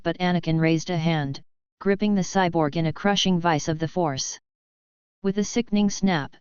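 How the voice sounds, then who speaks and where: Lowish, crisp woman narrating a story. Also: dry recording. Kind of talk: storybook narration of fan fiction. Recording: slightly dull, dry sound.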